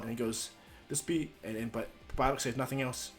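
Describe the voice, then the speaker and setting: A man tells an improvised fan story in a loose, rambling way, stumbling over restarts and slipping into his characters' lines. His pitch sits in the middle. Faint music plays underneath. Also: steady tone, a little fast. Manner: rambling, with many restarts, and quotes each character in the flow.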